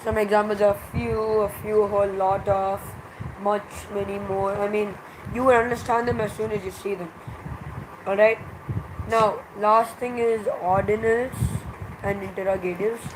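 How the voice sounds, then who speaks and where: Teacher going over grammar slow and even, kinda monotone, noisy room. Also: medium pitch. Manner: slow, measured explaining with many pauses. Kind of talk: grammar revision lesson.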